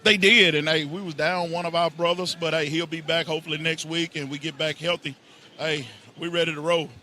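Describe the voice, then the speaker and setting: Excited high-voiced football coach. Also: male voice, a little fast, a little hiss or hum. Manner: excited, emphatic, folksy. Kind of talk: postgame sideline interview. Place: outdoor football field sideline.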